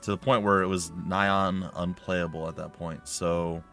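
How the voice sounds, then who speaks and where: A man's voice: sits low, little pitch movement, normal speed, bright, forceful tone, soft background music. A man hosting a let's play, chatting casually and rambling about his game. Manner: rambling, chatty, self-correcting. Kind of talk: casual gameplay commentary.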